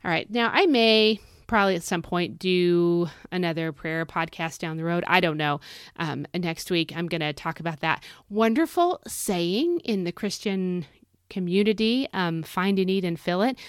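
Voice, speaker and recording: A woman's voice: lowish voice, normal speed, smooth, dry recording, studio quality. A middle-aged woman hosting a devotional podcast, preaching in a fervent, folksy, exhorting way. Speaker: podcast host.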